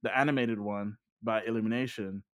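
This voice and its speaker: A man chatting casually about games and films, lively and full of fillers, his voice jumping up when he gets excited. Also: fairly low pitch, a little fast. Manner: animated, filler-heavy, voice jumps up when excited.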